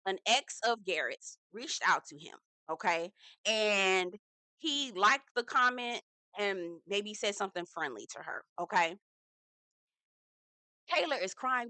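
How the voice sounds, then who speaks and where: A woman hosting a casual reality TV recap, talking in a sassy, profane, animated way and acting out the quotes herself. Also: mid-range voice, dry recording, low-quality recording.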